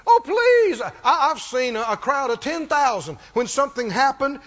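A man's voice: very high voice, expressive, normal speed, bright, forceful tone. A man preaching a sermon with emphatic delivery, reading scripture and acting out quoted voices. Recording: muffled hall recording.

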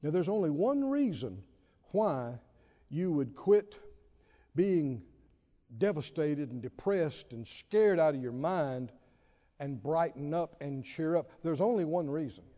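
A man preaching a sermon, retelling a story dramatically with laughs and shouted exhortations. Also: on the high side, expressive, slow pace. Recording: dull sound with long hall reverb.

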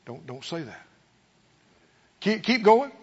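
A man preaching a fervent sermon to his church, swinging from quiet asides to shouted praise. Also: high-pitched, very animated, slow pace, slightly rough, lo-fi sound. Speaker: pastor.

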